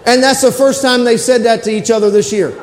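A man's voice: extremely high pitch, fairly even intonation, a little fast, a little hiss or hum. A man preaching a sermon as pastor in a church sanctuary, repeating his points and calling for responses from the congregation. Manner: preaching with repetition and call-and-response. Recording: roomy echo with long reverb in a hall.

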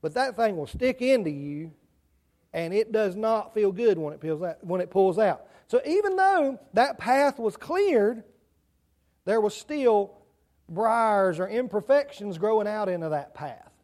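A man's voice: high-pitched, lively intonation, unhurried, a little mellow. A man with a rural Southern country accent giving a children's sermon in church, chatty and asking the kids questions. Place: church sanctuary.

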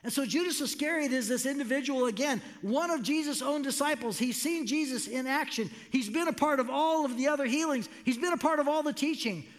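High-voiced pastor preaching in a reverberant hall. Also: male voice, a little fast, hardly any pauses. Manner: animated, acts out quoted voices with rising pitch. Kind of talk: sermon. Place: church sanctuary.

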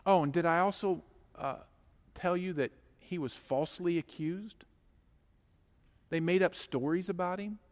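A man preaching a sermon, swinging between hushed, slow lines and loud, urgent ones. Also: sits high, long reverb tail.

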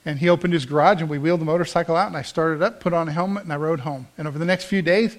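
A man's voice: on the high side, steady tone, rapid-fire. A man in his fifties preaching a sermon, telling a personal story in an earnest, conversational way with frequent restarts.

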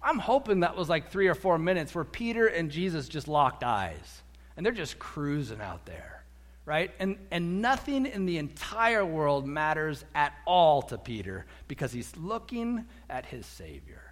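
A man preaching a sermon as a pastor, animated, acting out quotes and repeating words as he goes. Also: on the high side, unhurried. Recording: echoey hall.

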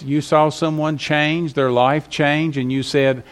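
A man's voice: fairly high pitch, level tone, measured pace, hardly any pauses, clean tone. Man preaching a conversational sermon. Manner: conversational preaching, rising emphasis on key points. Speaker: pastor.

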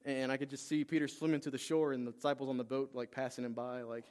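A man preaching a sermon, retelling a Bible story with lively acted-out lines and rising energy. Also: mid-range voice, fast talker. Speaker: pastor.

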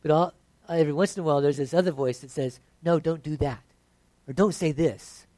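A pastor preaching a conversational sermon that builds to emphatic points. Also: male voice, fairly high pitch, brisk, mellow, no echo.

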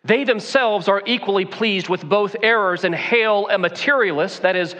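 Male pastor, emphatic sermon delivery with rhetorical questions; high voice, long echoing reverb. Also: moderate pace, fairly bright tone, dull audio.

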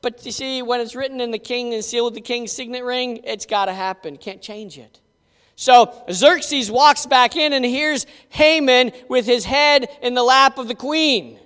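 At a moderate pace, this preacher dramatizes a Bible story in a sermon, his voice strikingly high, clear, and bright. He keeps it animated and chatty, turning to address the audience in asides, and a long hall reverb lingers after each phrase.

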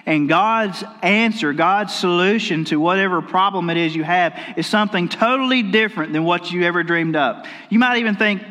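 A man preaches a sermon in a folksy, storytelling way, often circling back to restart his sentences. His voice sits high for a man. It rings with the long reverb of a church hall. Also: normal speed, few pauses, pushed and bright. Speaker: pastor. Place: church sanctuary.

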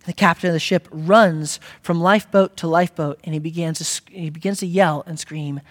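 A man preaching a sermon, building from quiet reflection to loud exhortation. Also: a little high, fairly quick, hardly any pauses. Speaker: pastor. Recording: long reverb of a hall.

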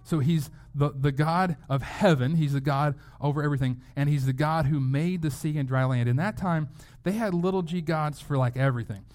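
A man's voice: fairly high pitch, moderate pace, few pauses, darkish tone. A man preaching a sermon as a pastor, in a conversational way, often repeating words as he goes. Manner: conversational, with frequent word repeats.

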